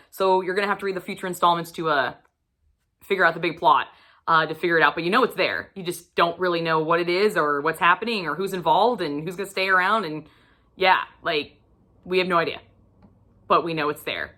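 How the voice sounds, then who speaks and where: A woman's voice: on the low side, brisk, sharp tone. A woman giving a casual book review vlog, emphatic and profane, acting out her own reactions.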